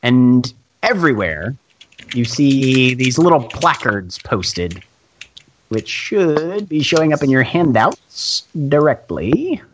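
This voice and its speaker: Male game master, middle pitch, unhurried descriptive narration, faint hiss. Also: sing-song, muffled recording. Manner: descriptive, unhurried, with filler pauses. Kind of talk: narrating a tabletop role-playing game.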